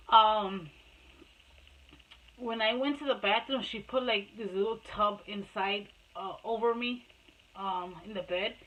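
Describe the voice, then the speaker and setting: In a low-quality recording, a woman vlogger with a medium-pitched, fairly bright voice tells her own story. She rambles candidly and emotionally, switching between English and Spanish and calling her viewers "guys."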